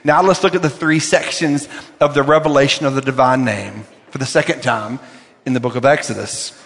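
Emphatic older pastor preaching in a reverberant sanctuary. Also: male voice, medium pitch, fairly quick, fairly bright tone. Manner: emphatic, repeats key words for effect. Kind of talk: sermon.

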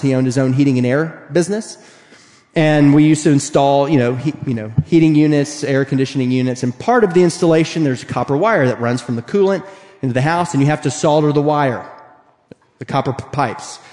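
A man preaching a sermon, animated and emphatic, acting out the voices he quotes. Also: fairly high pitch. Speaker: pastor. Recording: long hall reverb.

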